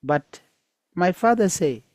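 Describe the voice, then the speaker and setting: A man's voice: high voice, expressive, slow, a little mellow, no echo, pitched above the performer's own voice. A man reading as a meek, timid girl. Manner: meek, pleading. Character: timid, hardworking young girl.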